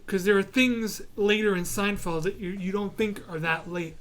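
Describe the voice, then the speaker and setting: A man's voice: sits high, steady tone, moderate pace, a bit bright. A man with a New York accent hosting a podcast, chatting casually and telling stories with frequent restarts. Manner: rambling, restarts, storytelling. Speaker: podcast host. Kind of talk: casual chat.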